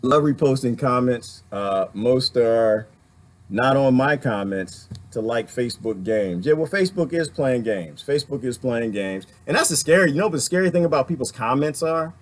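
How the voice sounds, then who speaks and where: A man hosting a casual livestream, reading viewer comments and preaching in an animated way, often laughing and slipping into funny voices. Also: mid-range voice, normal speed.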